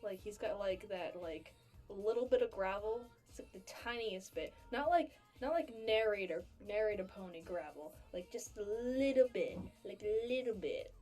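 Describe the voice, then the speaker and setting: A woman's voice: mid-range voice, expressive, moderate pace, darkish tone, faint music behind. A woman giggling and rambling as she tries to explain how a character voice sounds. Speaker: voice actor in a blooper reel. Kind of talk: casual blooper outtakes.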